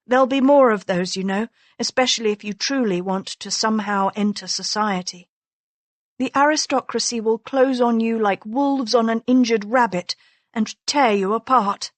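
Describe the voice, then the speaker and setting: A woman's voice: on the high side, normal speed, no room sound, lightly acted. A woman doing an arch young noblewoman. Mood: earnest. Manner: arch, teasing, mock-concerned. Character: clever sharp-tongued young noblewoman.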